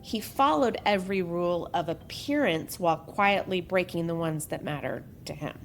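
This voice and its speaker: A woman's voice: lowish voice, expressive, normal speed, gravelly, slight background noise. A woman hosting a podcast, reading a true-crime story in a casual way and breaking off for joking asides. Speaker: podcast host.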